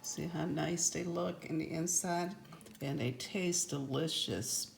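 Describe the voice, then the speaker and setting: A woman hosting a home cooking video, talking in a homey, unhurried way as she shows her baking. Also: sits low, creaky, slight background noise. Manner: homey, unhurried, repeats itself. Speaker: cooking channel host. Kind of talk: casual cooking demonstration.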